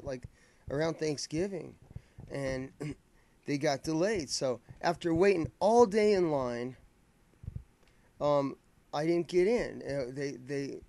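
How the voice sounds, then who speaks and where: A man's voice: mid-range voice, darkish tone, a little hiss or hum. A man telling a long, rambling story in casual vlog style, swearing freely and often restarting his sentences. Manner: rambling, profane, with many restarts. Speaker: vlogger telling a fan story.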